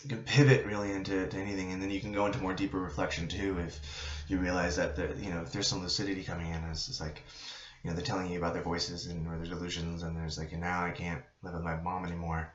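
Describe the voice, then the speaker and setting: A man teaching students about nursing in a relaxed, conversational way. He uses frequent fillers and tag questions as he explains. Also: deep voice, quick pace, hardly any pauses. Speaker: psychiatric nurse instructor. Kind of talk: informal lecture to students. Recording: roomy, dull lo-fi recording.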